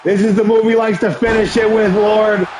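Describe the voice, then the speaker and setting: A man hosting a live stream, calling play-by-play for a wrestling video game in an excitable, often shouting way, with chatty asides to viewers. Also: high voice, moderate pace, noisy background. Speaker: livestream host and commentator.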